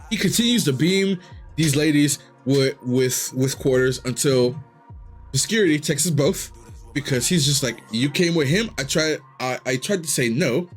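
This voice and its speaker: A young male streamer telling a wild story to his chat in a fairly high, very lively voice. He swears freely and pitches up sharply whenever he acts out his younger self. Soft music plays faintly underneath. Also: slightly rough. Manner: animated, profane, jumps into high excited voices for his own past self.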